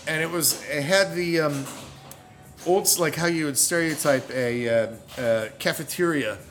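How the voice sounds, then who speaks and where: A man's voice: fairly high pitch, a little slow, faint music behind. A middle-aged man telling a long, rambling story in casual chat, laughing often and correcting himself as he goes. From United States. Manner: rambling and animated, self-correcting, laughs a lot.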